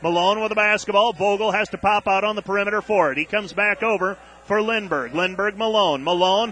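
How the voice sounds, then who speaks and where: A man calling a college basketball game on radio, rattling off play-by-play and getting loud on big plays, openly exasperated with the officiating. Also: sits high, brisk, hardly any pauses, a little hiss or hum.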